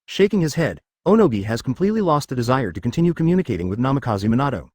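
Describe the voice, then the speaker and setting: Fast, lively male story narrator. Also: mid-range voice, no room sound, studio quality.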